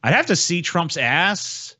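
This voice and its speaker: A man's voice: on the high side, very animated, slow, bright, forceful tone, breathy edge, dry recording. A man co-hosting a podcast, rambling and swearing as he jokes and reads donations. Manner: profane, rambling, joking. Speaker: podcast co-host reading donations. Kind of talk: crude casual podcast banter. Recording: dull lo-fi mic.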